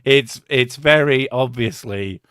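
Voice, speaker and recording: Guy streaming, lots of swearing and laughing, bright tone, no room echo. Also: medium pitch, slow, clean tone, studio quality. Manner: rambling, sweary, laughs often. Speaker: streamer host. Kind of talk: casual chat.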